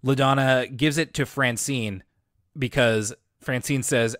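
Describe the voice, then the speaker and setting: A man's voice: mid-range voice, fairly even intonation, a little slow, fairly bright tone, dry recording, studio quality. A man co-hosting a podcast, recapping a cartoon episode in a casual, wry way with lots of filler words. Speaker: podcast co-host.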